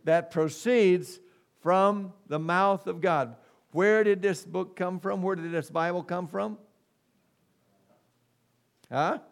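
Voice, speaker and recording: A man's voice: sits high, fairly even intonation, creaky. A middle-aged man preaching a sermon as pastor, emphatic and calling for "amen" from the congregation. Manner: slow, emphatic preaching with call-and-response "amen".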